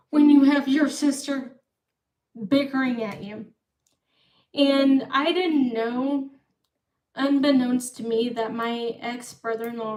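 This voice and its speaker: A woman's voice: high voice, a little mellow. A young woman hosting a livestream, telling a long personal story casually, circling back and repeating herself. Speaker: livestream host. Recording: echoey room, far from the mic.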